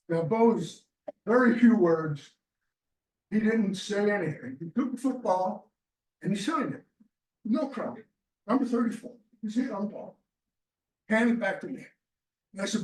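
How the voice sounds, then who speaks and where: A high-pitched, slightly mellow male voice with lively intonation moves at normal speed but leaves long pauses. The speaker, a chapter member, tells a small club group a wandering sports story in a restaurant meeting room, voicing the people in it through quoted dialogue. A distant mic makes the recording sound roomy.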